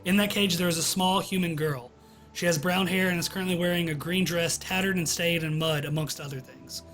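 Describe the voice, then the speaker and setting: A man acting as game master, narrating a tabletop game in a relaxed, descriptive way over a voice call. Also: a little high, fairly quick, faint music behind. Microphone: online voice call.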